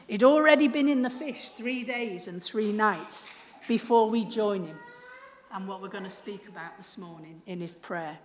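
A woman preaching a sermon, telling a story and swinging from hushed to loud. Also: mid-range voice, moderate pace. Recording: echoey hall, faint noise.

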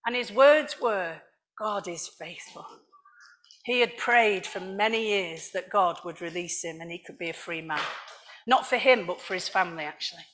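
A middle-aged woman from Liverpool, giving an animated sermon with personal testimony and frequent laughs. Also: mid-range voice, moderate pace. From Liverpool, England. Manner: animated storytelling, laughs often. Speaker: church speaker.

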